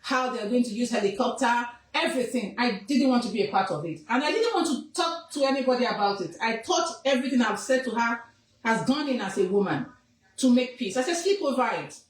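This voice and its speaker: A woman's voice: a little high, lively intonation, brisk, reverberant, recorded from a distance, poor audio. A woman with a Nigerian accent, an activist making an impassioned, scolding statement with emphatic repetition.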